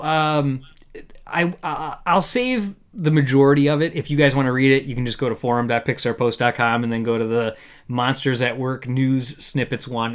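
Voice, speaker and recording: A man hosts a casual live discussion at a middle pitch. He talks in a loose, chatty way, stopping and restarting often. He reads quotes aloud between his own comments. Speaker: podcast host.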